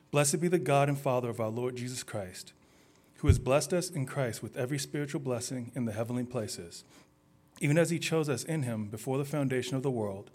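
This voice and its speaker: Man, scripture reading, measured delivery, mid pitch. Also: a little mellow. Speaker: scripture reader.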